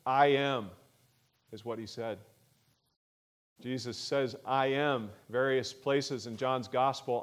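A male preacher with a voice of ordinary pitch, delivering a sermon. He speaks earnestly and at a measured pace, and his voice swells when he stresses key words.

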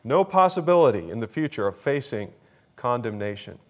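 A man preaching a sermon, slow and deliberate, repeating key phrases for emphasis. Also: mid-range voice, big pitch swings. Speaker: pastor.

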